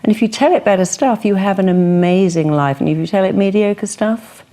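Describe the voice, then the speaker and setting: A middle-aged woman psychotherapist talking in an interview, emphatic and animated, often acting out the voices of clients and the inner critic. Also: mid-range voice, a little fast. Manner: animated, acts out quoted voices and inner thoughts; emphatic, stresses strong words. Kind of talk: interview conversation.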